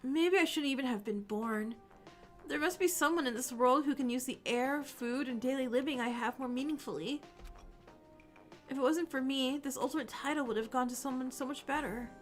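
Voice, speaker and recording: A woman's voice: sits high, moderate pace, soft background music, lightly acted. A woman voicing a gloomy, self-loathing young man from a game, read aloud in her own voice. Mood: despairing.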